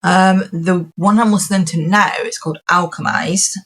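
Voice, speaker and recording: A woman's voice: on the low side, fairly even intonation, moderate pace, husky, low-quality recording. A Scottish woman hosting a podcast, chatting casually and rambling with lots of ums and restarts. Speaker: podcast host. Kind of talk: casual chat.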